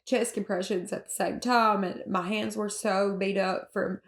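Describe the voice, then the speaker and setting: A Southern woman from Alabama, recounting her own story in an interview in a halting way, with many fillers and restarts and nervous laughs. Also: mid-range voice, steady tone. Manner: emotional, with nervous laughs at hard moments.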